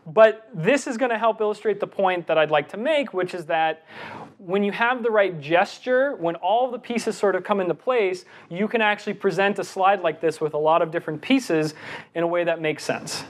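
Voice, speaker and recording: Man, middle-aged, lecturer, animated, pitched a bit high, breath-paced delivery. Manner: animated, recites verse with deliberate breaths. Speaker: presenter. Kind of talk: coaching lecture on giving talks.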